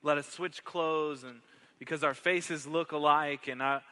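A preacher speaking as a gentle older brother. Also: male voice, fairly high pitch, steady tone, a little slow, long reverb tail. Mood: tender. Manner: soft and tender. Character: gentle self-sacrificing older brother, a man.

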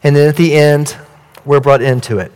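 A male pastor giving an earnest, measured sermon in a church. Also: a little high, fairly even intonation, a little mellow, clear, resonant tone, big-room sound.

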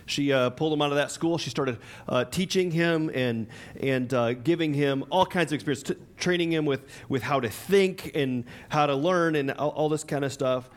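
Guy pastor giving a casual sermon, kinda high voice, lots of uh and restarts. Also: normal speed. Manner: conversational, chatty, laughs often, many fillers and restarts.

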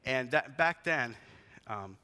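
A man's voice: medium pitch, lively intonation, takes it slowly, sharp tone. A man in his forties, a pastor giving a conversational sermon in a church, telling stories and asking the congregation questions. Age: 40s.

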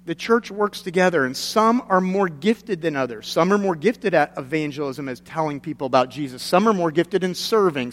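A man delivers a sermon to his congregation in a slightly high voice. He is earnest and grows emphatic on key points, with folksy stories along the way. The sound carries a long reverb of a church sanctuary. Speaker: pastor.

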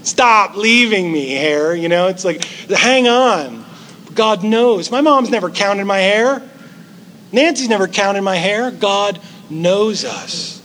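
A man's voice: high-pitched, slow, fairly bright tone, slight background noise. A middle-aged male pastor giving a sermon in a conversational way, with playful asides mixed into the teaching.

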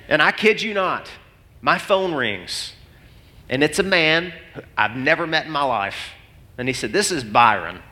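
A middle-aged man from Arkansas, telling a story in a sermon and acting out each voice with big swings in pitch. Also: a little slow. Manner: animated, acts out both sides of his stories with big pitch swings. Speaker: pastor. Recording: long hall reverb.

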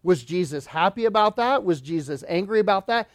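Pastor, male, high voice, dry close sound, emphatic sermon delivery with rhetorical questions. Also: expressive, fairly quick, hardly any pauses, dry recording. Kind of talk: expository sermon.

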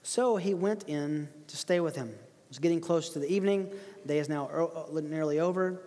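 A high-pitched man preaching through a passage with lively emphasis and frequent laughter. His voice rings with the long reverb of a large hall. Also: moderate pace. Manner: animated, laughs often, emphatic quotes. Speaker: pastor. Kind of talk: expository sermon.

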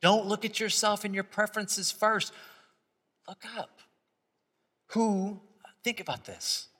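A man's voice: high-pitched, steady tone, slow. Man preaching in a reverberant church. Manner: builds from quiet reflection to loud impassioned preaching. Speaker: pastor. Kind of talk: sermon. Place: church sanctuary. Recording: long hall reverb.

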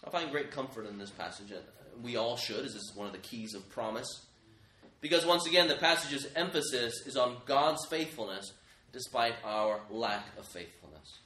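Male pastor, earnest sermon delivery, forceful bright tone, echoey room. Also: medium pitch, expressive, moderate pace, a little hiss or hum. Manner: earnest, emphatic, direct address to listeners as friends.

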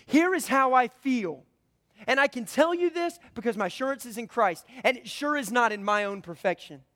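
A man with a high voice preaches a sermon in a loose, conversational way. He swings from loud, emphatic lines down to hushed, almost whispered passages. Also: lively intonation, a little fast, in a large hall. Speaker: pastor.

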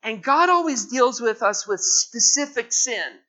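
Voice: medium pitch, lively intonation, measured pace, bright, forceful tone. A pastor preaching a sermon with fervent, emphatic exhortation. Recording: dull lo-fi sermon recording.

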